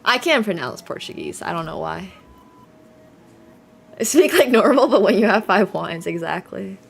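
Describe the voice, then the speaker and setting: A woman's voice: mid-range voice, sing-song, moderate pace, gravelly, husky, faint music behind. A woman chess streamer chatting casually with her live viewers, leaning on "like" and laughing easily.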